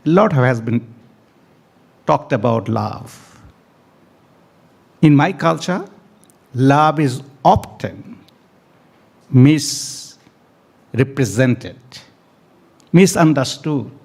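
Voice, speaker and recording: Gravelly, lively male event speaker. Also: mid-range voice, very slow, long pauses. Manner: emphatic, repeats key phrases, stretches words for stress. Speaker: speaker at a family day event. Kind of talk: speech to an audience. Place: event hall.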